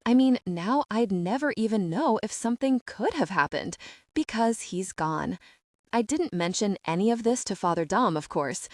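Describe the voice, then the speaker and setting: A young woman narrates a first-person young adult audiobook, confiding and wry, with a mid-pitched voice. The sound is dry and close to the mic. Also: expressive, moderate pace, no room sound.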